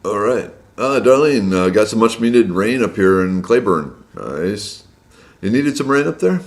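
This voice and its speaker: A man hosting a casual live stream from indoors at home, chatting and greeting viewers by name, his voice slightly hoarse. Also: lowish voice, expressive, measured pace. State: slightly hoarse from a long day of loud speaking.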